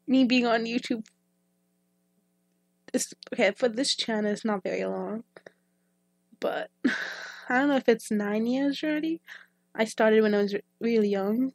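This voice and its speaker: A woman's voice: fairly high pitch, measured pace, long pauses, a little mellow, no room sound, studio quality. A young woman who reacts to videos online, chatting casually in a hesitant, emotional way that trails off and restarts. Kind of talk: casual personal chat.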